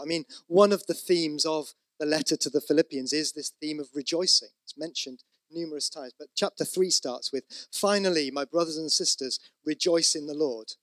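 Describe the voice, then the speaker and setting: A man's voice: a little high, a bit bright, dry recording. A man preaching a sermon, conversational with asides, rising to emphatic repeated exhortations. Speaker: pastor.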